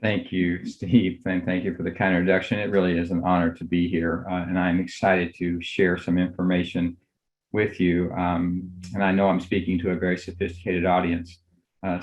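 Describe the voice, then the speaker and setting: An older man, a physician, giving a measured academic lecture on a video call, courteous and full of fillers. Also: deep voice, darkish tone, muffled recording. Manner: measured, courteous, thinks aloud with many fillers.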